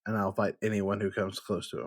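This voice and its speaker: A man's voice: fairly low pitch, fairly even intonation, brisk. A man playing a tabletop role-playing game, terse and earnest. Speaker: player.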